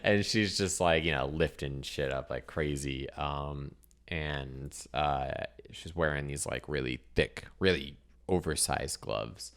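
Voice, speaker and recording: Deep-voiced man running a tabletop game. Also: slow pace, a bit bright. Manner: rambling, with many fillers. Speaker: game master.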